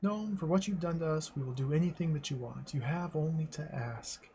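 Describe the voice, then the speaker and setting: A man's voice: on the high side, a little fast, mellow, slight background noise, close to an everyday voice. A man reading out the lines of an imperious, cold ice queen in a formal, stately way. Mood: grateful.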